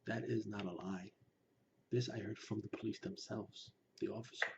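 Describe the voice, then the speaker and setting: A man speaking earnestly to his listeners, pressing his points and sometimes dropping to a hushed near-whisper. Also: on the low side, fairly even intonation, normal speed. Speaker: Lukumi practitioner speaking to his channel. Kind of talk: personal commentary to camera. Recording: slightly dull recording with faint background noise.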